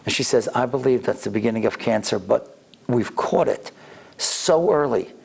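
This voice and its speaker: Gravelly rabbi telling a story. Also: male voice, mid-range voice, normal speed. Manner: animated storyteller acting out quotes. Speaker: rabbi, lecturer. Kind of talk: storytelling lecture. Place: synagogue sanctuary.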